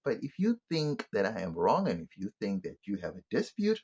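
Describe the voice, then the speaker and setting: A man, talking through his opinions in a rambling, conversational way and restarting his phrases as he goes. His voice is husky and his pitch swings widely. The recording sounds dull and lo-fi. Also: wildly swooping pitch, brisk, darkish tone. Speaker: channel host. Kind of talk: opinion monologue to camera.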